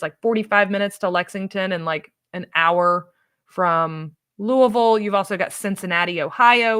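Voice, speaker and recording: A woman's voice: lowish voice, a bit bright. A woman who coordinates an ESL program, answering viewer questions in a casual, chatty, upbeat way and repeating phrases for emphasis. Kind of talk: casual live Q&A chat.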